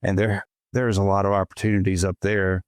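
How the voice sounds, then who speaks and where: A man's voice: deep voice, flat delivery, brisk, clean tone, dry recording. A middle-aged man hosting a podcast, talking in an easygoing, conversational way. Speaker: podcast host. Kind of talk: casual interview chat.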